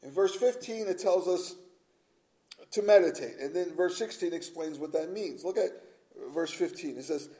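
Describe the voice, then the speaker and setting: Earnest preacher, mellow man's voice. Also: a little high, normal speed, rough recording. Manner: earnest, emphatic preaching with repeated phrases. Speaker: pastor. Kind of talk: sermon.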